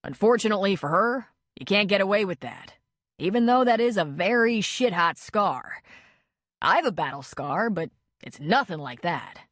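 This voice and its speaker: A woman's voice: mid-range voice, expressive, normal speed, no room sound, clean studio sound, lightly acted. Woman reading a blunt, joking man. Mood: admiring.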